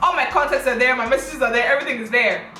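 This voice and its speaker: A young woman in her twenties narrates a dramatic storytime, throwing rhetorical questions at her viewers. Her voice is bright and sits a little high. The room around her is echoey, with faint music underneath. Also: racing. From Africa. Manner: animated, dramatic retelling full of rhetorical questions. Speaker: vlogger. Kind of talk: storytime vlog.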